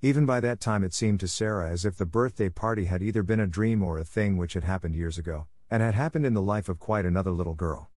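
A man narrating a classic novel aloud in a calm, even storytelling manner. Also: sits low, dry recording. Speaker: audiobook narrator.

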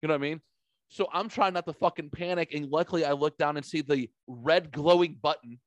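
A man's voice: on the high side, a little fast, no echo. A man hosting a podcast, telling a rambling, profane story in casual chat. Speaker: podcast host.

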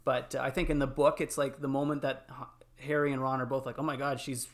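A man in casual podcast chat, telling film moments with lots of fillers and animated retellings. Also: medium pitch, a little fast. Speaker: podcast panelist.

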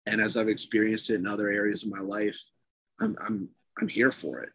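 A man's voice: lowish voice, fairly quick, husky, dry recording. A man, a podcast guest, casually tells a long ghost story with lots of swearing and fillers. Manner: profane, animated, lots of fillers.

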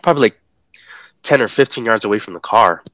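Bright-voiced man telling a story. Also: on the low side, fast, dry recording. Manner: animated, acts out the voices of people in his story; laughs while talking. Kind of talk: casual storytelling.

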